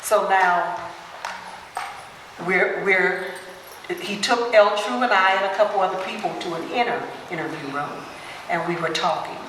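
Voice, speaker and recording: Recorded from far off in an echoey hall, a woman guest speaker tells personal stories to a gathering, animatedly acting out the people in them. Her voice sits on the low side, a little slow with frequent pauses, and there's a little hiss or hum.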